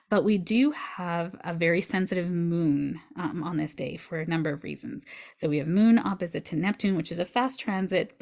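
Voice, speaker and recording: A woman astrologer giving a weekly forecast in a chatty, animated way, with breezy asides. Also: on the low side, gravelly.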